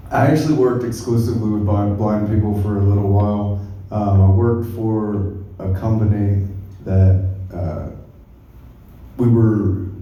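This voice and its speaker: A young man tells his stand-up stories slowly and deadpan, his voice low and dark. The mic is set back from him, and the room rings with echo. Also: muffled recording. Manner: laid-back, deadpan storytelling with crowd laughter. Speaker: stand-up comedian. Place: comedy club stage. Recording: roomy club sound from far off. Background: audience laughter.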